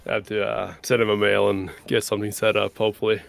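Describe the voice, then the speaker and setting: A man's voice: on the low side, little pitch movement, quick pace, gravelly, soft background music. A laid-back man co-hosting a casual podcast, laughing between his lines. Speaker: podcast co-host.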